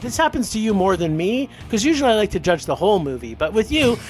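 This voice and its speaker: A podcast co-host in casual, quick banter who laughs often. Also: mid-range voice, sing-song, a little mellow, faint music behind. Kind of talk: casual chat.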